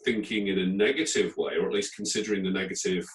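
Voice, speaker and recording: A man hosting a casual interview and working as a speaking coach, with playful, expressive asides and sudden jumps in pitch. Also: fast. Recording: roomy sound from a distant mic.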